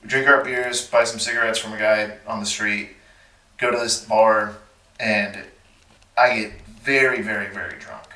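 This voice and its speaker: A man's voice: lowish voice, moderate pace, roomy sound, distant mic. A man from Texas telling a story as a podcast guest, animating it by acting out the voices of people in it. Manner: animated, acts out the voices of people in his stories. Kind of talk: casual storytelling.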